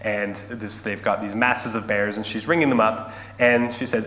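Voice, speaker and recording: Earnest preacher in echoey hall. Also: male voice, lowish voice, fairly even intonation. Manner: earnest, slowing and softening for emphasis. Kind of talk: sermon with scripture reading and storytelling. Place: large echoing church hall. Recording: echoey hall, faint hum.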